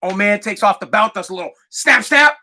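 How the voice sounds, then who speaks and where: High, bright-voiced profane storyteller man. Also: brisk. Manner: profane, animated, rambling. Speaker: podcast host. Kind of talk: casual storytelling.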